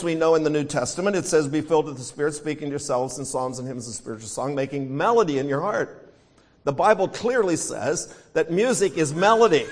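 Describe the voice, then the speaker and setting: An American man delivering a sermon in a voice a touch higher than most men's. He reads scripture and breaks into hymn lines as he teaches. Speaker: preacher.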